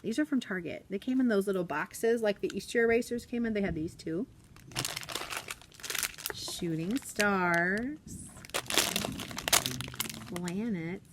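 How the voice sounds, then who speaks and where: A bubbly woman teacher chats away at her classroom desk, giggling as she goes. Her voice sits at an ordinary middle pitch. A faint hiss runs under the recording. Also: takes it slowly, pauses often. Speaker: elementary school teacher. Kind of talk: casual classroom vlog chat.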